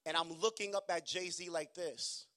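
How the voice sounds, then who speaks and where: Man, Haitian accent, high voice, sermon, calm storytelling broken by shouts. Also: measured pace. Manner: switches between calm storytelling and shouted emphasis. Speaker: preacher.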